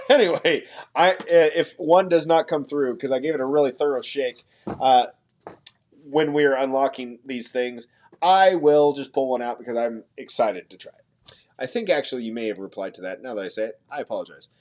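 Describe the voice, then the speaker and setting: A man's voice: mid-range voice, normal speed, a little mellow. A man hosting a casual livestream from Nebraska, chatting and joking with viewers as he reads the chat aloud. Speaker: livestream host.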